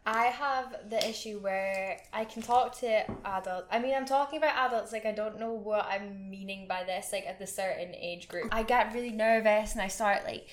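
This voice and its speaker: A woman's voice: mid-range voice, normal speed, few pauses. A young woman, co-hosting a podcast and chatting candidly about her own nerves, with casual swearing. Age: young adult. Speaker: podcast co-host. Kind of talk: casual chat.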